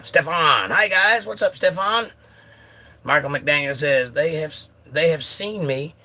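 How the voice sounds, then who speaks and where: Bright-voiced man chatting on a phone livestream. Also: on the high side, a little slow. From United States. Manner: chatty, joking, reads comments aloud. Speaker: livestream host. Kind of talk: casual live chat, reading viewer comments.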